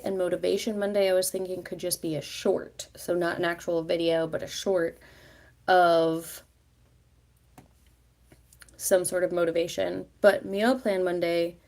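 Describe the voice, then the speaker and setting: Woman vlogger, low, gravelly voice, rambling live-chat delivery full of fillers. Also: fairly even intonation, normal speed, darkish tone. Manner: rambling, chatty, many fillers.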